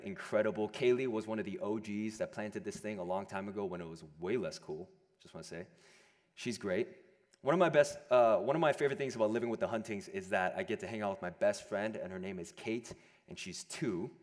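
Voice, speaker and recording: Young man preaching in a reverberant hall. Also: a little fast. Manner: animated, swinging between loud emphasis and hushed lows. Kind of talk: sermon. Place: large room with an audience.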